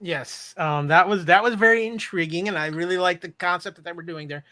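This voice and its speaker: A man's voice: sits high, fairly quick, sharp tone, no room sound. A man co-hosting a podcast, talking about movies with playful sarcasm. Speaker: podcast co-host. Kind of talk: casual chat reviewing movies.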